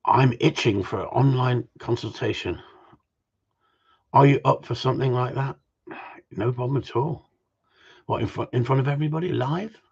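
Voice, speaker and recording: A man's voice: mid-range voice, normal speed, creaky, pauses often, slightly rough, highs cut off. A man, a gundog trainer chatting casually on a livestream, blunt and opinionated and given to repeating himself.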